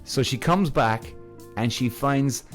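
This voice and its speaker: A man's voice: mid-range voice, slow pace, faint music behind. A man hosting a podcast, telling stories in a casual, frank way, chuckling often and swearing freely. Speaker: podcast host. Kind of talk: casual storytelling.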